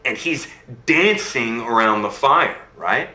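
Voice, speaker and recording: A man telling a fairy tale in an animated storytelling style, often checking in with his listener. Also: mid-range voice, takes it slowly, roomy sound, full character voice.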